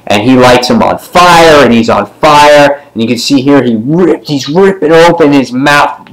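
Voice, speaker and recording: Guy rambling thru a comic recap, lots of uh and um, mid-pitch voice, jumps up high to do a character line now and then. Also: a little slow, a bit bright, rough recording. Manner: rambling, filler-heavy retelling; briefly acts out characters' lines with pitch jumps. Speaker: comic book reviewer. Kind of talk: casual comic book review.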